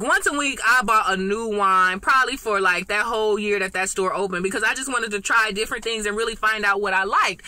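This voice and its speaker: A woman chatting casually to her viewers as she recaps and reviews a TV episode, animated and talkative. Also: fairly high pitch, dry recording, low-quality recording.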